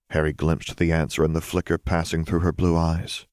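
Deep-voiced male storyteller. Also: completely flat delivery, moderate pace, darkish tone, dry recording, clean studio sound. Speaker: audiobook narrator. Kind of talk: fan fiction reading.

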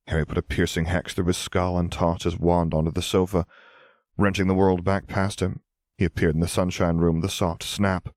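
Brief: man, very deep voice, calm measured audiobook narration, dry close sound. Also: no echo.

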